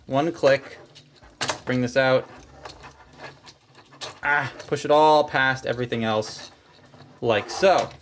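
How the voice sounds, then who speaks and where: A man walking viewers through a toy, step by step, in a relaxed and chatty way. His pitch sits in an ordinary middle range. Faint clicks and tapping sit quietly behind him. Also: a little hiss or hum. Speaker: toy reviewer. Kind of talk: casual hands-on toy review.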